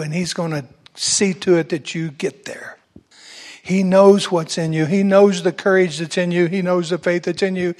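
A man pastor telling a personal story in a sermon, building to fervent preaching. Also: high voice.

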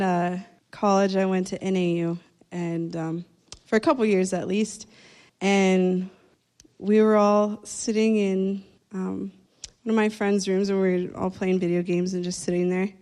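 A woman's voice: mid-range voice, steady tone, a little slow, a little mellow. Woman preaching with chatty laughter. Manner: laughing, self-interrupting, earnest in prayer. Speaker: preacher at a church service. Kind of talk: casual storytelling and prayer.

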